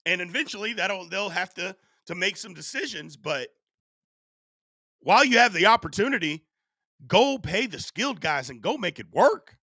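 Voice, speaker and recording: A man hosting a live sports stream, chatting casually and answering his chat, his voice going hoarse. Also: high voice, normal speed, no room sound, clean studio sound. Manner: animated, reads and answers chat. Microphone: studio USB microphone.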